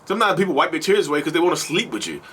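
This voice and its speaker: A man's voice: on the high side, very animated, rapid-fire, a bit bright, slightly rough. A man hosting a channel, talking straight to his viewers in a preachy, repetitive monologue and calling them y'all. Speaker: host of a channel on toxic relationships. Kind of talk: animated casual monologue to viewers.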